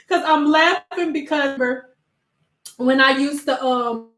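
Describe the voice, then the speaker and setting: A woman's voice: high voice, slow pace. A young woman telling funny stories in a casual chat, laughing often and acting out other people's voices. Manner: laughing, animated, acts out voices in quotes. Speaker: vlogger. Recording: echoey room.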